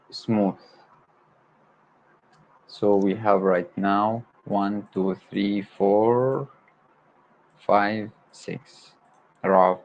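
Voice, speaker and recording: Slow, gravelly man drilling vocabulary. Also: on the low side. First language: Arabic. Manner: hesitant, repeats words aloud while memorizing. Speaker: English learner hosting a study stream. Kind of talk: livestream study session. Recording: dull lo-fi stream audio.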